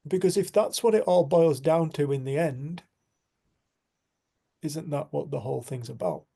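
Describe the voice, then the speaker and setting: Man leading a community group, earnest reflective talker, slightly higher-pitched with some gravel. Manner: earnest, storytelling, soft and slow at times. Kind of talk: reflective spiritual talk.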